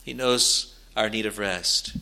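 A male preacher delivering a sermon at a slow, deliberate pace. His voice is bright and forceful, and he leans into key phrases with rising emphasis. The delivery is earnest, with steady pauses between phrases. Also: lowish voice, gravelly.

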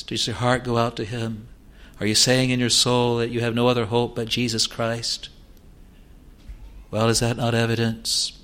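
A man preaching a sermon in an earnest, pleading manner, slowing for scripture and rising to emphatic peaks. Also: mid-range voice, a bit bright. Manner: slow, deliberate delivery of scripture.

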